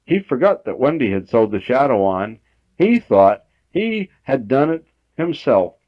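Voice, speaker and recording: A man reading a children's story aloud at home, expressive, lifting his voice for emphasis. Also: mid-range voice, measured pace, dry recording. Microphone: home tape recorder. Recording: dull 1960s home audiotape.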